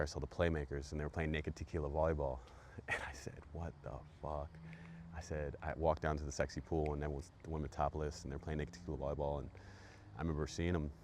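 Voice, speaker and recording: A man's voice: rumbling low, darkish tone, a little hiss or hum. A man hosting a podcast, telling a profane, hyped story full of repetitions. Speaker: podcast host. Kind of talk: storytelling monologue.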